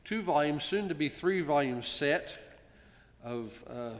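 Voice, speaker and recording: A man speaking as congregation president, giving a ceremonial presentation speech with gentle jokes and frequent pauses, in a synagogue sanctuary. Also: on the high side, animated. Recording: long reverb in a large sanctuary.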